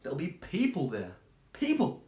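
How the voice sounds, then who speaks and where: A man's voice: mid-range voice, very animated, brisk, lightly acted. A man reading a timid, fretful little storybook girl. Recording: roomy echo.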